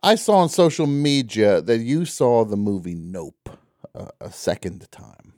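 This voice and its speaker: A man's voice: mid-range voice, sing-song, unhurried, a little mellow, no echo, studio quality. A man hosting a call-in radio show, chatting in a rambling way with lots of fillers and restarts. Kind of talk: casual call-in radio chat.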